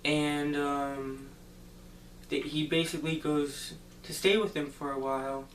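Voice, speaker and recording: A man loosely retelling a movie plot, wandering through the story with constant "like" and "um". He talks at an unhurried pace, sitting back from the mic. The room is echoey, and a faint hum sits behind him. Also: fairly high pitch, fairly even intonation, fairly bright tone. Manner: rambling, loose retelling full of "like" and "um". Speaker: movie reviewer. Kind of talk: casual spoken movie recap. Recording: roomy echo, distant mic, faint hum.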